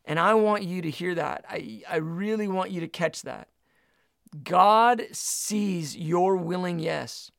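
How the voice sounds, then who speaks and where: A man's voice: high voice, slow, creaky, fairly bright tone, dry recording, clean studio sound. A man preaching a sermon, reading scripture aloud and teaching with emphatic delivery.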